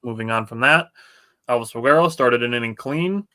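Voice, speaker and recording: A man co-hosting a sports podcast, telling game stories in an excited, chatty way. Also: medium pitch, brisk. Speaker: podcast co-host. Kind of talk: casual sports chat.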